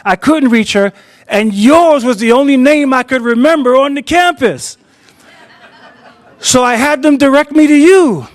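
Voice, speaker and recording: Male storyteller quoting a nervous stranded young woman: apologetic, insistent, high. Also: unhurried, no room sound. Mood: pleading. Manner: pleading, apologetic. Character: anxious young woman stranded at bus station. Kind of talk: quoted dialogue in live storytelling.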